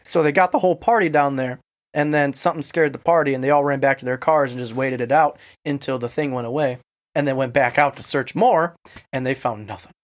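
A man on a casual podcast, telling a story with crude jokes and reading passages aloud slowly. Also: medium pitch.

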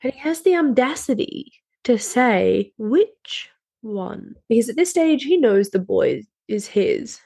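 A woman's voice: a little high, sing-song, unhurried, vocal fry, warm tone, breathy edge. A woman, co-hosting a podcast and retelling a TV episode in blunt, matter-of-fact casual chat, swearing freely. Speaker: podcast co-host. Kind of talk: casual chat recapping a TV show.

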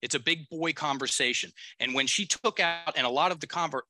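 A male coach speaks bluntly in a very bright and forceful voice. He drives each point home with emphasis. The recording is close and dry. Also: mid-range voice, moderate pace, dry recording. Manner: emphatic, blunt, with casual swearing. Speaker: guest executive coach. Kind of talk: podcast conversation.

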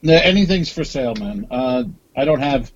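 A man's voice: medium pitch, expressive, highs cut off. A male comedian co-hosting a podcast in casual chat, rambling and restarting his sentences. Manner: rambling, halting delivery with restarts.

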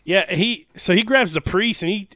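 A man's voice: sits high, normal speed, pushed and bright, no room sound. A man co-hosting a horror podcast, chatting loosely about a film and swearing casually. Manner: laid-back, swears casually. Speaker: podcast co-host.

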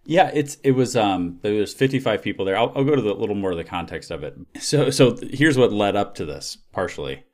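A man's voice: lowish voice, lively intonation, a little fast, hardly any pauses, darkish tone. A man hosting a podcast, telling a story in casual chat that rambles with fillers. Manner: rambling, lots of filler words and restarts. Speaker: podcast host.

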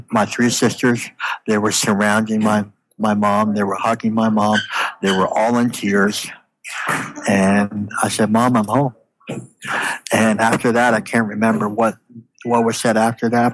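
A man in an interview telling a personal story with emotion, halting and often repeating his words, near tears. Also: fairly low pitch, a bit bright, a little hiss or hum, rough recording. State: tearful.

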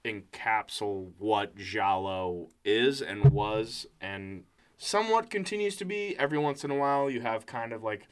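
A man's voice: on the low side, lively intonation, moderate pace, smooth. A man co-hosting a casual podcast, explaining film genres at length with many fillers. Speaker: podcast co-host. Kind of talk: casual chat.

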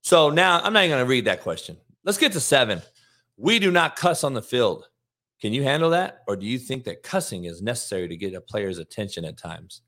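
A man's voice: medium pitch, big pitch swings, fairly quick, bright, forceful tone. A man hosting a show as a football coach, ranting bluntly and mockingly with frequent swearing. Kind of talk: casual profane rant.

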